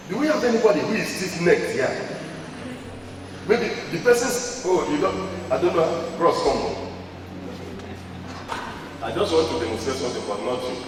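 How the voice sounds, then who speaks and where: A man's voice: medium pitch, noisy background. A man with a Nigerian Igbo accent preaching a sermon, emphatic and repetitive, questioning the congregation and slipping into Igbo and Pidgin. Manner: emphatic, repeats phrases, asks the congregation questions. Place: large church hall. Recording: echoey church hall, voice from far off.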